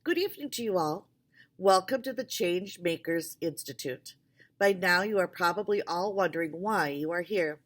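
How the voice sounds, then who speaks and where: A formal, measured director addressing a group of children, voiced by a woman reading aloud. The voice stays low and composed. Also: expressive.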